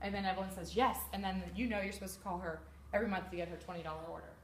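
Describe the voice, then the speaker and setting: A woman giving a chatty, animated sales training talk to a live group, sometimes acting out customers' voices. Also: medium pitch, racing. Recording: echoey room with background noise.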